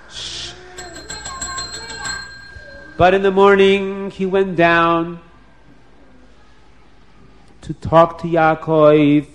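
A man tells a story to children with lively, dramatic expression, frequently addressing them directly. His voice is slightly high for a man.

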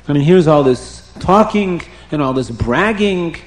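Guy telling a kids' bible-style story, emphatic and lively, echoey room. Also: a little high, unhurried, soft background music. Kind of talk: telling a religious children's story. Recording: roomy echo.

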